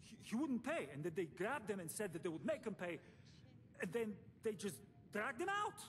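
A man's voice: high voice, sing-song, normal speed. An actor playing an anxious man pleading for help after his brother was taken, in a game. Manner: frantic, pleading.

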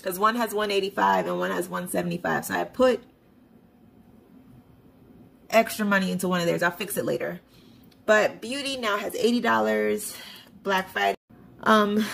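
A woman's voice: mid-range voice, unhurried, vocal fry, long pauses, a bit bright. A woman vlogger casually walking through her paycheck budget, reading account balances aloud in a chatty, self-deprecating way. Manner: chatty, reads figures off a screen, self-deprecating. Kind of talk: casual budget walkthrough to camera.

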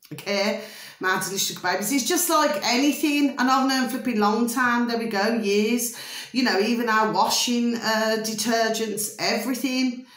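A woman's voice: fairly high pitch, fairly bright tone, reverberant. A woman vlogging in a casual rambling monologue, checking with her viewers again and again. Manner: chatty, repeats filler tags like "okay?" and "do you see?". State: hot and itchy.

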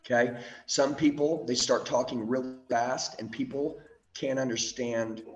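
A man's voice: mid-range voice, steady tone, reverberant, muffled recording, soft background music. Intense motivational speaking coach, man. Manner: intense, punchy, swings between yelling and slow quiet emphasis; repeats short commands, swears freely. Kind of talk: motivational training talk.

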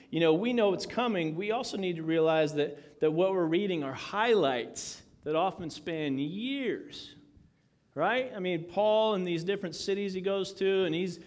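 Male pastor, casual joking sermon, slightly raised voice. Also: a little high. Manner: conversational, joking, many asides.

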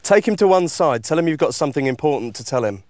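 A man's voice: fairly high pitch, lively intonation, fast talker. Bossy man giving prank instructions. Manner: bossy, directing. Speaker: prankster feeding lines. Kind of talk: casual instructions. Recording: chatter of other people behind him.

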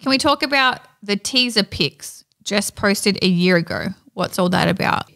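A woman co-hosting a podcast in a chatty, joking way, tossing in quick asides. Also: mid-range voice, animated, creaky, a bit bright. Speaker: podcast co-host. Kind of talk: casual chat.

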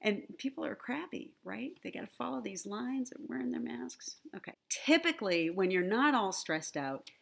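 A woman's voice: a little high, lively intonation, normal speed, vocal fry, few pauses, a bit bright. A woman presenting an online conference talk with slides, friendly and teacherly, often checking in with "right?" and "okay?". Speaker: conference speaker on the brain and language learning. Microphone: computer mic, online presentation.

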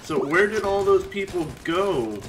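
A man giving casual let's-play commentary, rambling and chatty with sudden excited yelps. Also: high voice, measured pace, over music. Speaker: game commentator.

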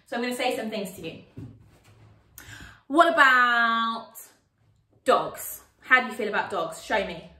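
A woman teaching kids yoga over a video call, her high, bright voice bouncing and sing-song as she calls out poses. She sounds a little away from the mic in an echoey room. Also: unhurried, long pauses, far from the mic. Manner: animated, playful, sing-song with children. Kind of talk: online kids yoga class.

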